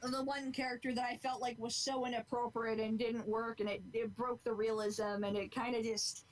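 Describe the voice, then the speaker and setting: A woman's voice: fairly high pitch, level tone, normal speed, rough recording. A woman in her twenties chatting on a podcast, earnest and rambling, swearing freely as she goes. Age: 20s. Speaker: podcast co-host. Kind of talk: casual chat.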